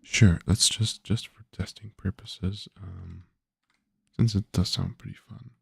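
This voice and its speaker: A man's voice: low-pitched, fairly even intonation, a little slow, creaky, husky, dry recording, clean studio sound. A man, a game developer, thinking aloud casually while coding, hesitant with many filler sounds.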